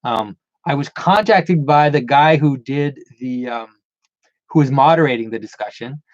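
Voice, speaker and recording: A man's voice: mid-range voice, measured pace, no room sound, dull audio. A man hosting a casual livestream Q&A, rambling with frequent restarts and repeated words. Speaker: channel host answering viewer questions.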